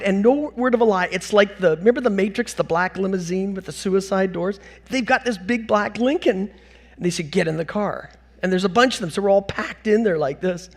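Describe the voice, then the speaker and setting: A middle-aged man from North America tells funny stories from a stage in a high, bright voice. He speaks with an animated, self-mocking bounce and laughs through his own punchlines. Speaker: conference speaker. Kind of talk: storytelling keynote talk. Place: conference hall stage.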